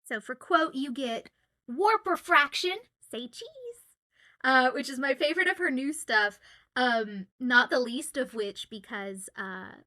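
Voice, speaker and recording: A chatty young woman from Southwest Louisiana talks casually to her livestream viewers while signing. Her voice sits a little high and sounds sharp and bright. She giggles often and leans on "um" and "uh" between thoughts. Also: unhurried. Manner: chatty and giggly, with many fillers. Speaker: voice actor signing autographs on stream.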